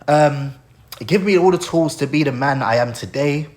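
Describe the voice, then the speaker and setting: A man's voice: on the high side, moderate pace. A man hosting a casual live stream, talking in a heartfelt and emotional way as he thanks people.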